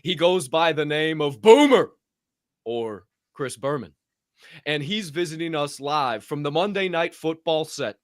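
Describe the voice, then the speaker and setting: A man co-hosting a podcast in casual chat, animated and quick to laugh. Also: on the high side, no room sound, studio quality. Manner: animated, breaks into loud laughter. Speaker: podcast co-host.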